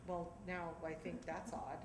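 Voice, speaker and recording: A middle-aged woman from Southern California performing a one-woman stage monologue, animated and acting out voices. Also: on the low side, unhurried. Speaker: storyteller performer. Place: theatre stage. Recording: echoey theatre with background noise.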